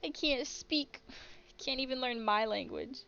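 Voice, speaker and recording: Slow, chatty American woman streamer. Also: sits high, bright, forceful tone. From United States. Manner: chatty, laughing often, jumping between topics. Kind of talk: casual game-playing commentary. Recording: slightly muffled stream mic.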